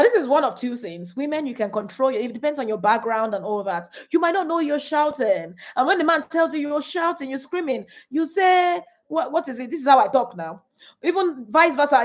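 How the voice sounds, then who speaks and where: A woman coaching couples on a live stream, animated and repeating her points to the audience. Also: sits high. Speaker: relationship coach.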